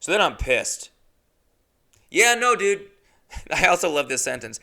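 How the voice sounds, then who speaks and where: A young adult man hosts his podcast and tells a comic story on his own, his voice bright and edged with gravel. He rants indignantly and jumps into squeaky mock voices to quote people, his pitch swinging widely all the time. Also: measured pace, pauses often. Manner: animated, indignant, mimics voices in exaggerated high pitch. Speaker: podcast host. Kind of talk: solo comedic storytelling.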